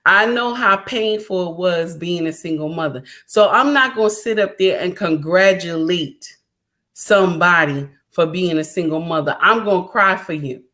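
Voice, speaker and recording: A woman's voice: lowish voice, normal speed, fairly bright tone. A middle-aged woman hosting a livestream, talking straight to her viewers in an emphatic, repetitive, preachy way. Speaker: livestream host.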